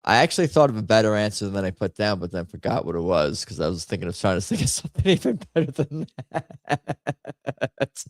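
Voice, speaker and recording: Racing with few pauses, a very animated man with a fairly low voice hosts a live stream, rambling, joking and mocking himself as he plays a party word game. The casual game-stream chatter is captured with clean studio sound and no echo.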